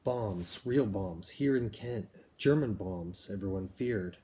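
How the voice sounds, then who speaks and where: A man with a fairly low voice reads a novel aloud, steady and measured, now and then stepping out to explain things plainly. A faint background noise sits under his voice. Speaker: reader.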